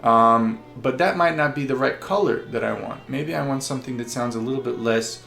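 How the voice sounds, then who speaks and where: Male violin teacher, patient explainer, gravelly tone, roomy echo. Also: medium pitch, a little fast, fairly bright tone, soft background music. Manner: patient, explanatory, with frequent fillers. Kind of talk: instructional explanation.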